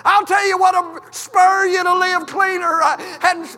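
A man's voice: very high-pitched, flat delivery, unhurried. A man preaching an impassioned revival sermon in church, with cries of emotion. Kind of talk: revival sermon with altar call. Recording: reverberant hall with soft music.

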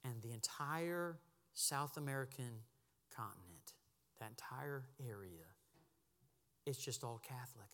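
A man preaching a sermon as pastor, impassioned, dropping to a hush and then rising to a shout. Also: mid-range voice, animated, measured pace, pauses often, in a large hall. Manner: impassioned, swings from hushed to shouting. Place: church sanctuary.

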